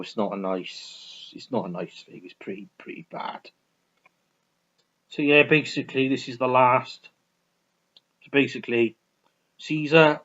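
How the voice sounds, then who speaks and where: A man's voice: lowish voice, a bit bright. Rambling man reviewing films. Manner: rambling, full of restarts and swearing. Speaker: film reviewer. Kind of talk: casual film review vlog. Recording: dull lo-fi recording.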